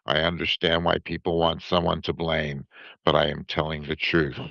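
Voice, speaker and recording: A very low-voiced older man speaks haltingly, breaking off and circling back, often adding "you know what I mean." The sound is dull and lo-fi, with a dry, close feel. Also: flat delivery, vocal fry, fairly bright tone, no room sound. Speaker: interview guest. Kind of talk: emotional prison interview statement.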